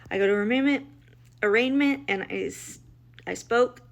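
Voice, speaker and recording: A middle-aged mother with a fairly high, gravelly voice talks at normal speed about her family. Her storytelling is blunt and emotional, full of quoted dialogue she acts out and many restarts.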